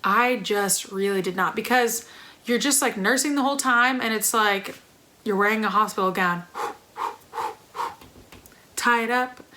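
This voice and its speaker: A woman's voice: mid-range voice, a bit bright. A young woman vlogger in casual chat to the camera, chatty and emphatic, with lots of fillers.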